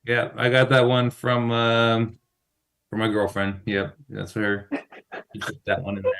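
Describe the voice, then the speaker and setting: Regular guy in a podcast chat, talks fast when excited, laughs a lot. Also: fairly low pitch, vocal fry, smooth. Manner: quick, laughing, playful. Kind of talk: casual chat.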